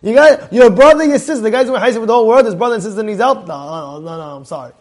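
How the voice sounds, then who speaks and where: A man's voice: high voice, fast talker. A man, a rabbi, giving an informal Torah class, telling stories and quizzing his listeners by name. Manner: conversational, tells stories, quizzes the audience by name.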